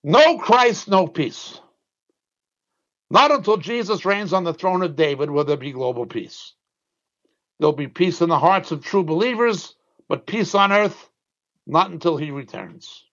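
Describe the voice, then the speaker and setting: A man preaching a sermon as a Bible teacher, emphatic and insistent, his pitch dropping sharply when he drives a point home. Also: animated, unhurried, a bit bright, dull audio.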